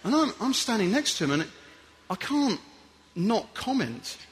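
A man giving a playful, animated talk to an audience as a guest speaker, acting out little scenes as he goes. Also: high voice, measured pace, noisy background. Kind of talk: lively motivational talk to an audience.

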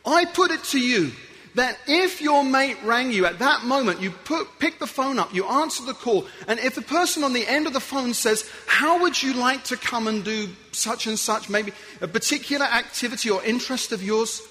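A man giving a playful, animated talk to an audience as a guest speaker, acting out little scenes as he goes. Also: very high voice, unhurried. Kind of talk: lively motivational talk to an audience.

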